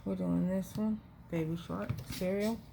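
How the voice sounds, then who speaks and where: A woman's voice: medium pitch, fairly even intonation, a little slow, gravelly, noisy background. A woman hosting a casual taste-test vlog in her living room, chatting while correcting the kids around her. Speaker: vlog host.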